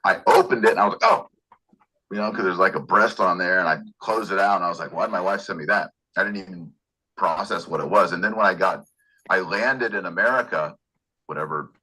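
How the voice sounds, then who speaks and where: A man co-hosting a casual podcast, recounting a personal story in a relaxed way. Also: sits low, fast talker, slightly rough, low-quality recording. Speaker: podcast co-host.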